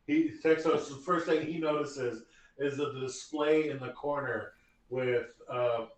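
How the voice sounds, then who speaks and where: A man narrating as game master of a tabletop game, halting and repeating words. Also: medium pitch, steady tone. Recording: roomy, distant mic.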